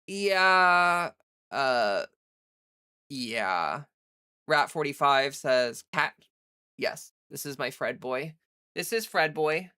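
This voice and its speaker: Bright-voiced chatty woman livestreamer. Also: deep voice, lively intonation, extremely slow, clean tone. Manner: chatty, heavy on "like" fillers, reads and answers chat. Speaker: livestream host. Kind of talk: casual livestream chat.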